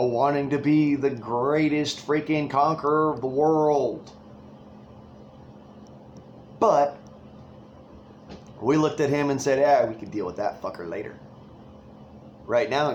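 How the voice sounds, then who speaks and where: A man's voice: medium pitch, slight background noise. A man delivering an angry, rambling political rant full of swearing.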